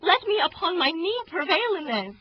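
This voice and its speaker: A woman's voice: very high voice, very animated, moderate pace, slight background noise. A woman playing a noble Roman wife in a Shakespeare audio drama, delivering verse earnestly and with passion. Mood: fearful. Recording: dull lo-fi audio under music.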